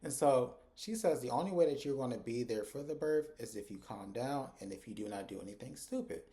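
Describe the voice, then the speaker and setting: A man giving a casual recap of a TV episode, retelling scenes with animated asides. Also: medium pitch, fairly quick. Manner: animated retelling, acting out characters' lines with asides.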